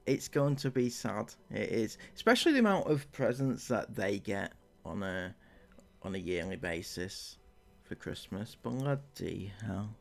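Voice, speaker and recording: A man's voice: on the low side, very animated, unhurried, creaky. A man hosting a commentary channel, reacting to clips with mocking, sarcastic remarks and many fillers.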